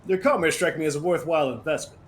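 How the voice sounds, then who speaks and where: Guy doing a sly pirate boss with a hammy put-on accent, drawls out his haggling, voice a bit high. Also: quick pace, natural voice. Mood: scheming. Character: scheming male pirate chief, haggling.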